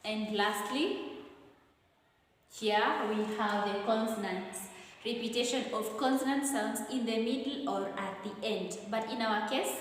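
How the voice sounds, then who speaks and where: A woman with a Kenyan accent, teaching an exam revision lesson and explaining each point slowly and with repetition. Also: on the high side, fairly even intonation, a little hiss or hum. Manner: slow, deliberate explaining with repetition. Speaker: English teacher. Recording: very echoey room with long reverb.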